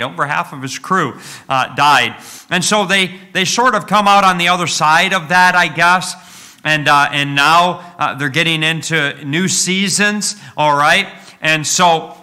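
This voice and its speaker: A man with a slightly high, very bright and sharp voice retells a story to his congregation as a sermon. He talks in an animated way, full of fillers and restarts, and keeps asking his listeners questions.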